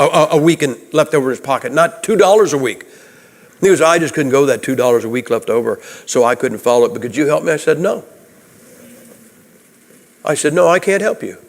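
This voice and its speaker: A Baptist preacher gives a folksy, conversational sermon and keeps asking the congregation questions. His creaky voice sits a little high for a man, and the long reverb of a church sanctuary rings around him.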